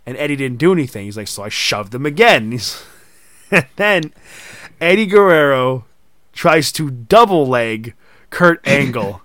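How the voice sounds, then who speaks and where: Smooth-voiced man telling stories animatedly. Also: mid-range voice, a little slow, dry recording. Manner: animated storyteller, acts out quoted voices. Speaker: podcast host. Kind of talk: casual chat.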